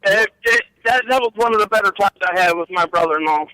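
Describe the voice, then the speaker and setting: Middle-aged man, bright tense voice, rambling profane storyteller, dry close sound. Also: sits high, quick pace, smooth, no echo, poor audio. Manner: rambling, profane, laughing at his own stories. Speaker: guest storyteller. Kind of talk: casual storytelling.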